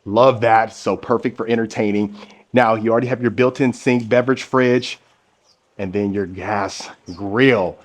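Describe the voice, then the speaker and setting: A man's voice: lowish voice, steady tone, measured pace, reverberant, long reverb tail. Upbeat man giving a house tour. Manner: upbeat salesy enthusiasm. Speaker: home tour host. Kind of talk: walkthrough home tour narration.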